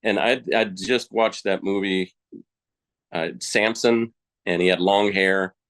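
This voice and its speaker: A man with a very low, deep voice speaks as a podcast guest, recounting his story in plain, colloquial words. His delivery is frank and unpolished, the way someone talks across a table. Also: steady tone, slow pace, a bit bright. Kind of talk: personal storytelling in conversation.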